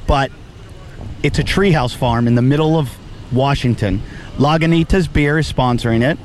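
A man hosting a podcast, telling crude stories in animated, profane casual banter into a studio microphone. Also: mid-range voice, moderate pace, slight background noise. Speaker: podcast host.

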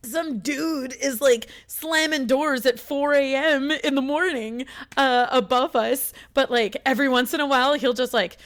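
A woman's voice: high-pitched, a little slow, few pauses, fairly bright tone. A woman from the United States talking in a casual, rambling chat, swearing a lot and getting emotional as she tells her story.

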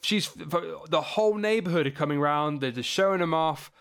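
A man's voice: fairly high pitch, normal speed, vocal fry, fairly bright tone, clear, resonant tone. A man in casual podcast chat, rambling through a film plot, laughing and acting out lines. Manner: rambling, laughs often, acts out lines in silly voices. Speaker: podcast co-host.

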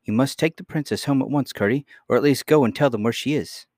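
Caring storybook mother, soft and gently chiding, as a male narrator puts her on; dry, close sound. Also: medium pitch, quick pace, no echo, pitched above the performer's own voice, lightly acted. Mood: gentle.

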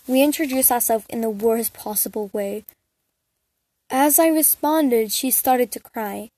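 A woman reading fan fiction aloud in a halting way, often stumbling and restarting over the text. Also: a little high, mellow, dry recording. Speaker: reader.

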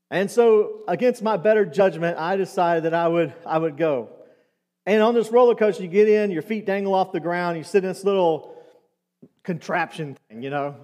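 Pastor with a high voice, echoing hall. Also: male voice, darkish tone. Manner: storytelling, conversational with asides to the congregation. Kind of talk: sermon. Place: church sanctuary.

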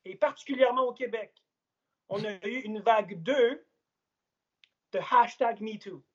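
A man with a Quebec French accent talks casually over a phone held on a gimbal, drifting between French and English. His voice is a little husky, and the line sounds dull and muffled. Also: high voice, normal speed. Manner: switches between French and English mid-sentence. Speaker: remote guest. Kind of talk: casual bilingual chat.

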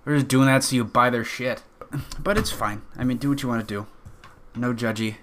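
A man's voice: medium pitch, steady tone, fairly quick, fairly bright tone, slight background noise. A young man hosting a solo podcast, rambling casually, swearing often and cracking jokes at his own expense. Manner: rambling, profane, joking. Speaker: podcast host.

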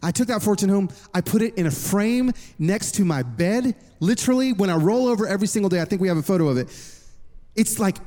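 A man in his thirties preaching a sermon to a congregation, telling a lively personal story with jokes. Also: high voice, fast talker. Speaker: worship pastor. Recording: long reverb of a large hall.

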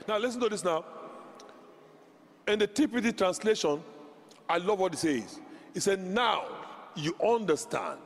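High, fervent shouting preacher man. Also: big pitch swings, unhurried, pauses often. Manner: fervent, shouting, repeats declarations for the congregation. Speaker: pastor. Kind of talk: charismatic sermon with tongues and call-and-response. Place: large church sanctuary. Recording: reverberant church hall.

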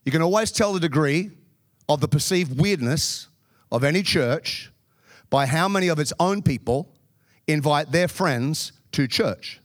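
A man preaching a sermon in a lively, joking way with quick asides. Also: a little high, no echo, clean studio sound. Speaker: pastor.

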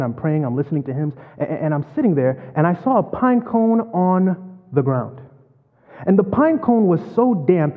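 Preacher man in an echoing hall. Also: fairly high pitch. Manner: storytelling preacher, dramatic swings from loud to hushed. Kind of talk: sermon. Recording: phone-like, long hall reverb.

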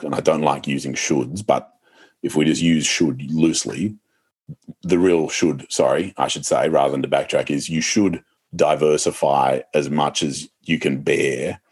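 Australian man, Sydney private-school accent, very low voice, podcast guest, articulate, laughs easily. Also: unhurried, darkish tone, husky. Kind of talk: casual podcast chat.

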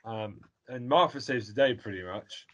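A man's voice: lowish voice, moderate pace, fairly bright tone. A man in casual chat, blunt and rambling, swearing freely as he gives his opinions.

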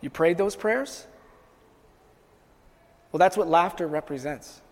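A man preaching a sermon as pastor, repeating and restarting phrases and climbing in pitch and volume as he builds. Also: slow, a little hiss or hum. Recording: long hall reverb.

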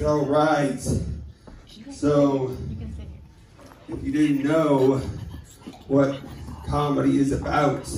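High-voiced man doing stand-up in an echoey club. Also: a little mellow. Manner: mock-preacher crowd work, calling for hallelujahs. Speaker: open mic comedian. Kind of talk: stand-up comedy at an open mic. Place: small comedy club stage. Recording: echoey room, distant mic.

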